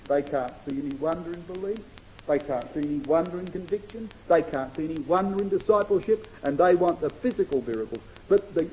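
A man preaching a sermon to brothers and sisters in an earnest, emphatic way, slowing to stress scripture and often dropping to a near hush. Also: a little high, poor audio. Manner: varies loudness widely, dropping to near hush.

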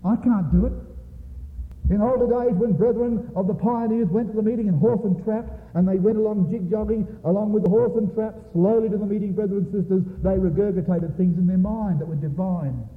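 A man's voice: sits high, a little fast. A man preaching a sermon, emphatic and repetitive, often turning to address the congregation directly. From Australia. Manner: emphatic, repeats points and keeps addressing the congregation. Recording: tinny lo-fi recording with long hall reverb.

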